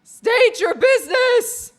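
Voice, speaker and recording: A woman's voice: sits high, big pitch swings, moderate pace, voice pushed up, exaggerated voice. A woman voicing a bossy male gate guard who barks his orders. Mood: barking. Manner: barking, loud and curt.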